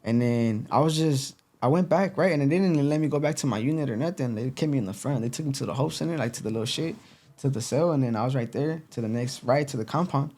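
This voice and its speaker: A young man, a podcast guest telling his story in casual street slang, full of "you know" and "boom.". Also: fast, darkish tone. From East Los Angeles.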